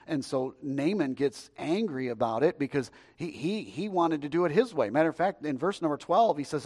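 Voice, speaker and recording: A man preaching a sermon, telling stories in a lively, conversational way with jokes aimed at the congregation. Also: on the high side, moderate pace, hardly any pauses, in a large hall. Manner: storytelling, lively and conversational, joking aside to the congregation. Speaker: pastor.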